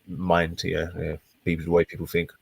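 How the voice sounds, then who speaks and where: A man speaking low and in a monotone, hesitant with many fillers. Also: moderate pace, creaky, slightly rough, no echo. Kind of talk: casual chat.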